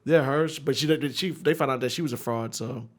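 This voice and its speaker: A man's voice: mid-range voice, brisk. A man co-hosting a podcast, chatting casually and reacting with easygoing, profane remarks. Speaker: podcast co-host. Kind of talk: casual chat.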